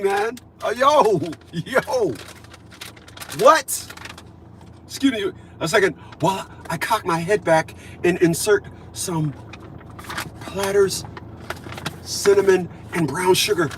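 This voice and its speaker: A man in his fifties delivering a profane, preachy ranting monologue, repeating himself and swinging between loud declarations and low mutters. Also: a little hiss or hum. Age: 50s. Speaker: vlogger.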